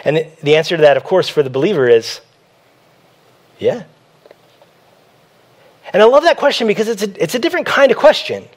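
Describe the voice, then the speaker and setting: A man with a noticeably high-pitched voice delivers a sermon as a pastor. He speaks in a conversational way, returning to the same phrases again and again to drive a point home. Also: animated, brisk, pauses often. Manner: conversational preaching that repeats key phrases.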